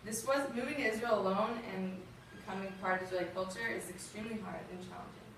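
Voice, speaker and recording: A woman's voice: mid-range voice, fast talker, fairly bright tone, a little hiss or hum. Young Southern woman, guest speaker, heartfelt storytelling, distant mic, big reverberant room. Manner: earnest, emotional, conversational with fillers. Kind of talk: personal story talk to a youth audience.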